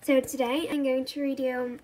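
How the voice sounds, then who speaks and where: A woman reading a children's book aloud in a lively, expressive way. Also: high voice, normal speed. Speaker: story reader.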